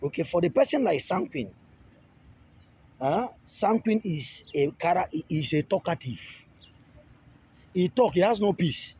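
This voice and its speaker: A man's voice: high voice, animated, unhurried, pauses often, dark tone, slight background noise. A man, teaching in a casual monologue, often repeating and restarting phrases and pleading with viewers. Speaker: relationship video creator. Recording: dull lo-fi audio.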